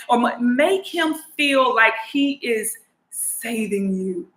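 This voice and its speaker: A woman's voice: high-pitched, a little slow, sharp tone. A woman giving relationship advice in a casual monologue, talking emphatically and directly and often asking "you know what I'm saying?". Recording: roomy echo.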